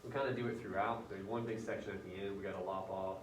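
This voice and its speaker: In a classroom, a male teacher runs a casual writing lesson, chatting and thinking aloud as he edits a student's paper. His low, steady voice moves quickly, picked up from a distance in a roomy space with slight background noise.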